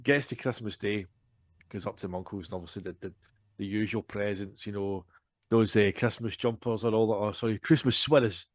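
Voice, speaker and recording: A man's voice: lowish voice, a little fast, no room sound. Man in his forties, close dry mic. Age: 40s. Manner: animated, self-deprecating, frequent restarts and laughter. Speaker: podcast co-host. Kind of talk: casual storytelling chat.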